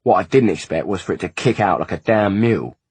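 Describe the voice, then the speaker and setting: A man voicing a gruff, grudging male servant who speaks stolidly and heavily, with emphasis. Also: low voice, lively intonation, fast talker, darkish tone, no room sound, pitched above the performer's own voice, exaggerated voice.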